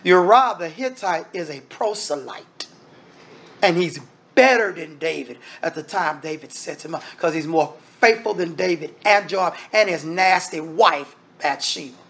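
A man's voice: on the high side, measured pace, fairly bright tone. A man preaching a sermon as minister, emphatic and repetitive, firing rhetorical questions and calling the congregation brethren. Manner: addresses listeners directly as brethren.

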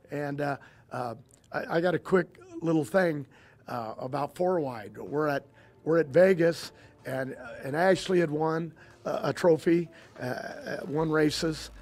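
An older man, a drag racing team owner, telling stories in a casual interview, halting and often repeating himself as he restarts. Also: a little high, darkish tone.

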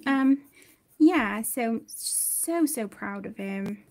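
A woman's voice: a little high, animated, drawn-out words, a little mellow, slight background noise. A young woman hosting a colouring livestream from home, chatting and reading out viewer comments. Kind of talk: casual livestream chat.

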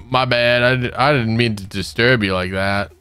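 A man's voice: mid-range voice, fairly even intonation, normal speed, pushed and bright, clean tone. A young man giving casual let's-play commentary, nervous and giggly, talking to the monsters he meets. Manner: nervous, giggly, talks to mobs. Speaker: gaming youtuber.

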